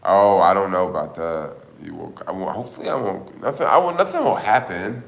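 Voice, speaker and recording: Man, low voice, casual livestream chat, rambling, filler words, roomy echo. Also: expressive, brisk, gravelly. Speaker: livestream host.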